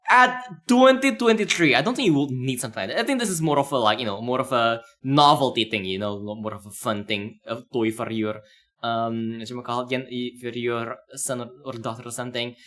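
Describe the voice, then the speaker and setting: A man's voice: medium pitch, a little fast, fairly bright tone. A man streaming live, reacting to a video in a loose, rambling way with many fillers. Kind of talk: casual live-stream commentary.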